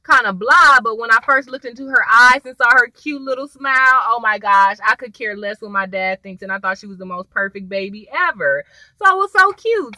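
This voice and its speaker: Chatty, bright-voiced woman recapping TV. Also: on the high side, no room sound, poor audio. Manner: chatty, animated, acts out characters' lines in quoted voices. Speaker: TV episode recapper. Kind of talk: casual recap vlog.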